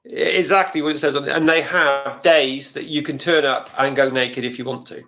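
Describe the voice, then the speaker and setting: A man's voice: mid-range voice, steady tone, moderate pace, sharp tone, lo-fi sound. A man who is a gardening regular on a chat show, talking in a dry, matter-of-fact way. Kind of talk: casual chat.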